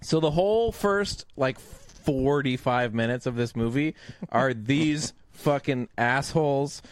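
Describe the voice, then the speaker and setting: A man's voice: medium pitch, takes it slowly. A man from Canada co-hosting a movie podcast, telling stories with lots of swearing and laughter. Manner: profane, laughing, animated storytelling. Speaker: podcast co-host reviewing movies. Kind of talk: casual chat.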